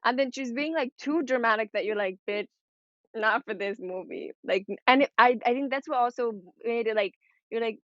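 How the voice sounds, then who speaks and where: A woman co-hosting a podcast in loose, rambling casual chat, swearing freely and laughing as she goes. Her voice sits a little high. The sound is dry and dull, like a lo-fi recording. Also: fairly quick, no echo. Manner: rambling, swearing, laughs often while talking. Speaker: podcast co-host.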